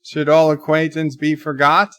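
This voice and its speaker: A man's voice: on the high side, monotone, normal speed, fairly bright tone, clear, resonant tone, no echo. A man hosting a casual livestream who reads viewers' chat messages aloud and answers them. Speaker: livestream host.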